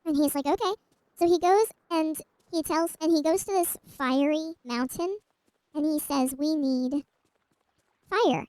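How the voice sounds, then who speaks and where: High-voiced woman chatting while gaming. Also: measured pace, mellow, poor audio. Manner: rambling storyteller with many asides and restarts. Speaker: streamer. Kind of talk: casual chat while gaming.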